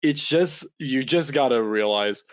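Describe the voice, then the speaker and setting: Man with a smooth, dry voice. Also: medium pitch, animated, measured pace, no echo. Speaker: podcast guest. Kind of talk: casual chat.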